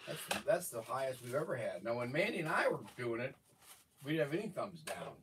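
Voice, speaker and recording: A man hosting a livestream in casual chat, with gruff, grumbling banter. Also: mid-range voice, big pitch swings, brisk. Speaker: livestream host. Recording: distant mic, noisy room.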